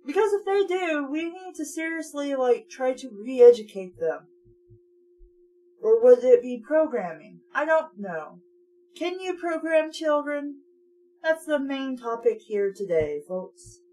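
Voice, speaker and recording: A woman's voice: high-pitched, sing-song, a little slow, dark tone. A young woman reading a children's horror book aloud and interrupting it with sarcastic, mocking asides. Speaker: book reader and commentator. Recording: distant mic with faint hum.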